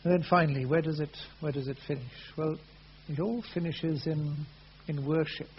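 A man preaches in an earnest way, his voice a little high. He swells to loud emphasis and sinks back to soft. The recording is dull and lo-fi, with a faint hum underneath. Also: normal speed. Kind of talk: sermon.

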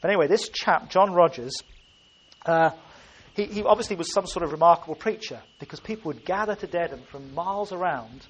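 A man's voice: high-pitched, a little fast, breathy edge. A man preaching a sermon, earnest and emphatic, often restarting his phrases.

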